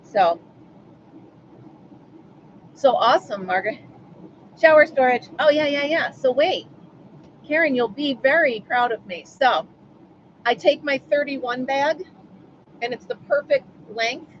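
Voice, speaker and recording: A woman's voice: high-pitched, animated, unhurried, long pauses, lo-fi sound, a little hiss or hum. A woman hosting a casual live stream from home, chatting and answering viewers by name. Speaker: livestream host.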